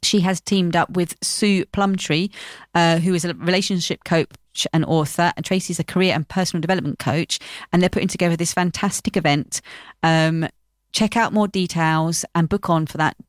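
Lady radio host doing the event plugs, chatty and upbeat, lowish voice. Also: fairly even intonation, normal speed, no room sound, studio quality. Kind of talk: radio show event announcements. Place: radio studio.

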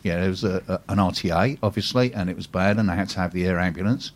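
A man's voice: low-pitched, steady tone, fast, slight background noise. Chatty man hosting radio. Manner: chatty, teasing banter. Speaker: radio show host. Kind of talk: casual radio chat.

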